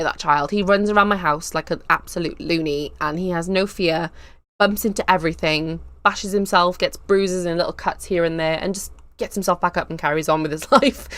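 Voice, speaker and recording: A woman in her thirties hosting a casual live stream, chatty, excitable and a little nervous, drifting onto tangents. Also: lowish voice, dry recording. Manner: nervous, giggly.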